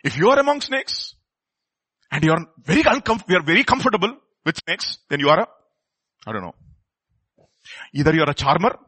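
A man preaching a sermon, firing rhetorical questions at the congregation and swinging from quiet asides to loud, emphatic peaks. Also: on the high side, sing-song, fast, pauses often, breathy edge, no room sound.

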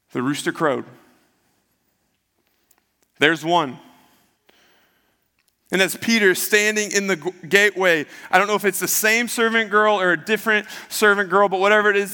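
A man's voice: high voice, bright, forceful tone. A man preaching a sermon, retelling the story in a conversational way and acting out the quotes. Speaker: pastor. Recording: long hall reverb.

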